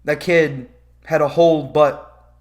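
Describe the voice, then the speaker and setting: A man's voice: fairly high pitch, fairly even intonation, slow, a little mellow. A man giving a profane, sarcastic commentary rant about a movie, sounding exasperated. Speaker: movie reviewer.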